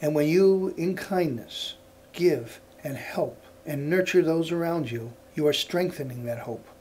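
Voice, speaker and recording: Kind, firm old judge in a storybook tale, read by a male storyteller; slightly high voice. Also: measured pace, a little mellow, slight background noise, close to an everyday voice. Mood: earnest.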